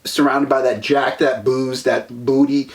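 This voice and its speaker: A young man co-hosting a self-improvement podcast, arguing in an animated, profane way. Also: mid-range voice, measured pace. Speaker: podcast co-host.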